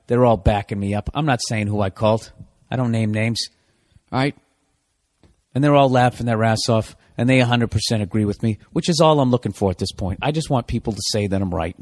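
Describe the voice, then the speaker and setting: A middle-aged podcast host launches into a profane, comedic rant, lurching between loud outbursts and low mutters.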